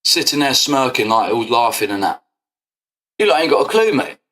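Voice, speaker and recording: A man's voice: medium pitch, sing-song, moderate pace, sharp tone. Furious swearing man. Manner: confrontational, swearing, repetitive "yeah?". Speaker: football fan channel host. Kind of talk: angry rant to camera.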